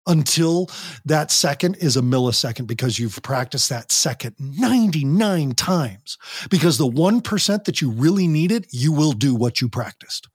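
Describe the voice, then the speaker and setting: Man, fairly high voice, husky, dry close sound, animated, acts out quotes, podcast guest. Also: no room sound. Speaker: guest, youth program director. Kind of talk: podcast interview.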